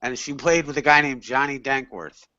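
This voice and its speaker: A man's voice: mid-range voice, moderate pace, pushed and bright, muffled recording. A man from England in a casual chat, rambling and slangy with lots of fillers. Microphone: video call.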